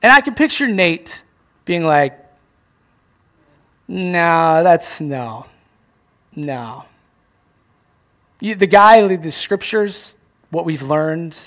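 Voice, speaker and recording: A young man preaching a sermon as pastor, animated, acting out little scenes and joking at his own expense. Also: fairly high pitch. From Canada. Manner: animated, acts out voices, self-mocking jokes.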